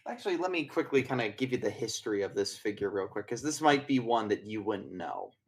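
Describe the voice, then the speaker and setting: A man's voice: fairly low pitch, lively intonation, fairly quick. A man running a tabletop game as game master, narrating in a casual, rambling way with swearing.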